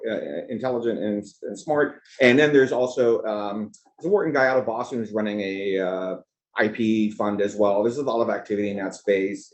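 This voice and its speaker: A man's voice: fairly low pitch, darkish tone. Rambling man hosting an investor event. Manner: rambling, conversational, jumps between asides. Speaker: event host and organizer. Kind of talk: opening remarks at a business event.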